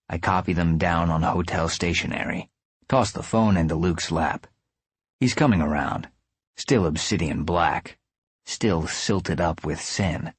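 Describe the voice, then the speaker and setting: Male audiobook narrator, deep and husky, sardonic first-person read, dry close sound. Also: no echo.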